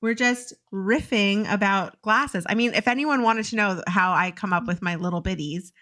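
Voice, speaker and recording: A woman's voice: medium pitch, moderate pace, pushed and bright. A woman co-hosting a podcast in casual chat, riffing and giggling, acting out little impressions. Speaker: podcast co-host.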